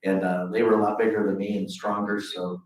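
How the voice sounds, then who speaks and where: A man's voice: on the low side, fairly quick. A middle-aged man, a golf pro, giving a self-deprecating storytelling speech at a luncheon. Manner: anecdotal, self-deprecating, animated quotes. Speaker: golf pro, guest speaker. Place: luncheon hall. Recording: echoey hall, voice from far off.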